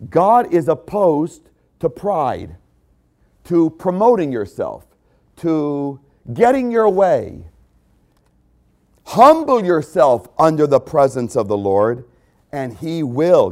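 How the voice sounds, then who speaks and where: A man preaching a sermon as pastor, repeating key phrases and swinging between loud emphasis and hushed drops. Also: on the high side.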